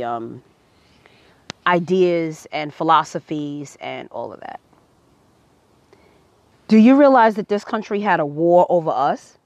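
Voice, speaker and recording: A woman's voice: deep voice, unhurried, long pauses, darkish tone. A woman speaking to camera, earnest and preachy, her voice rising to emphatic peaks. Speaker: vlogger. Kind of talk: impassioned personal commentary.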